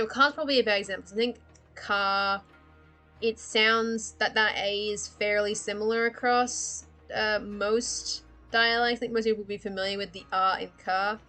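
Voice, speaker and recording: A woman's voice: mid-range voice, steady tone, moderate pace, pushed and bright, soft background music. A woman hosting a casual live stream while she draws. She rambles from one tangent to the next, swears freely and laughs often.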